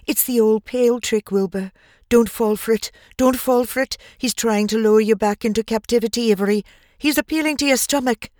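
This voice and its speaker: Woman putting on a shrill, urgent storybook goose. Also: normal speed, mellow, no echo, studio quality, close to an everyday voice. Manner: urgent, repeats words. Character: shrill bossy goose, honking warnings.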